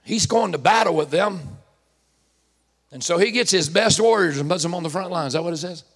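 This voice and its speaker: A man's voice: high voice, a little fast, a bit bright, husky. A man preaching a sermon, calling out to the congregation with rising fervor. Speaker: pastor.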